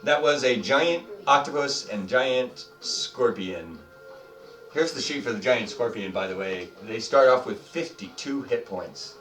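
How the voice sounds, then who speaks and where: A man's voice: mid-range voice, animated, unhurried, a bit bright, far from the mic, soft background music. A man acting as dungeon master for a tabletop game, narrating and joking in a casual way with lots of fillers.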